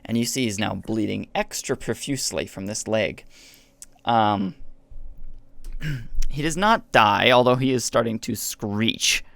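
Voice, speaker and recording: Gravelly-voiced man running a game. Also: on the low side, unhurried, a bit bright, no room sound. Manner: easygoing, explains rules patiently. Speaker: game master.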